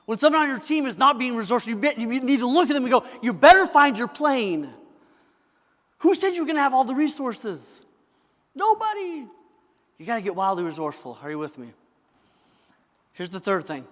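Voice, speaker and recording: A man's voice: very high-pitched, animated, fast. A man giving a live motivational keynote, emphatic and constantly asking the crowd for answers. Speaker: motivational speaker. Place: large event hall. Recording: reverberant hall from stage.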